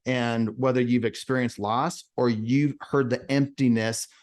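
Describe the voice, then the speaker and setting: A man's voice: mid-range voice, steady tone, unhurried, darkish tone. A man hosting a business podcast, speaking in an earnest, reflective way and giving brief affirmations. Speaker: podcast host. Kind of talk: casual conversational interview.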